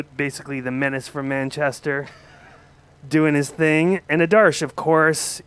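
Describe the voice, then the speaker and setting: A man's voice: medium pitch, fairly bright tone, smooth. A man hosting a live studio music show, joking with the band and hyping them up. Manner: upbeat, joking, hypes the guests. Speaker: host.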